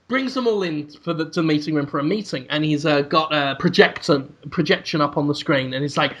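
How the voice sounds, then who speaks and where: A man hosting a podcast, rambling through an absurd improvised comic story and bursting into loud put-on voices. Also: on the high side, normal speed, hardly any pauses. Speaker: podcast host.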